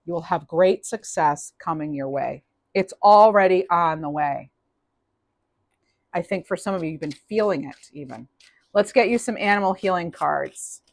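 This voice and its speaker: A woman's voice: lowish voice, normal speed, creaky, no room sound. A woman giving a casual, upbeat tarot reading, chatty with many restarts. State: clearing throat, losing voice. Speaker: tarot reader.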